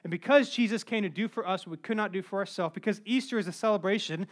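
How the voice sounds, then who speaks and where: Guy preaching, high-pitched, tells jokey stories from the pulpit. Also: fast. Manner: storytelling, animated and joking. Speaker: pastor. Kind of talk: sermon.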